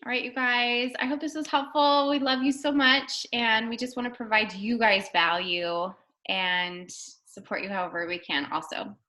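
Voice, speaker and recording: A woman's voice: on the high side, fairly even intonation, moderate pace, pushed and bright. A woman leading a casual team video call as a fitness coach, chatty and upbeat, full of fillers and acted-out quotes.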